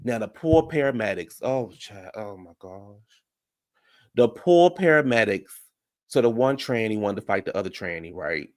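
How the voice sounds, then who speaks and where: A man's voice: lowish voice, moderate pace, no room sound, studio quality. A man hosting a reality-show recap channel, telling a story casually and animatedly to his viewers, calling them "y'all". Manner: animated, chatty, addresses viewers as "y'all" and "baby".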